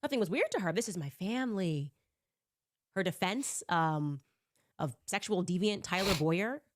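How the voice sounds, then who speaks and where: A woman's voice: on the low side, lively intonation, normal speed. A woman commentator giving a pointed, critical monologue.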